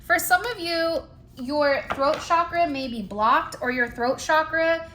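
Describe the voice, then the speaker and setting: Unhurried, a high- and bright-voiced spiritual card reader addresses her viewers straight to camera, with a faint hiss or hum in the background. She chats emphatically, using fillers such as "like" and "you know," and keeps an encouraging, conversational tone.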